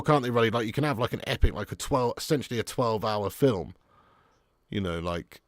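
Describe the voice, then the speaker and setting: A young man hosting a live football watch-along, chatting casually and answering viewer comments between bursts of excitement at the match. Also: mid-range voice, dry recording, clean studio sound.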